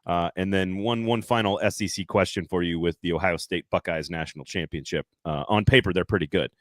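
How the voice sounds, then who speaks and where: A man's voice: low voice, fairly quick, no echo. A man hosting a sports podcast, talking in a loose, rambling, jokey way. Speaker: podcast host. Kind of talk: casual sports talk.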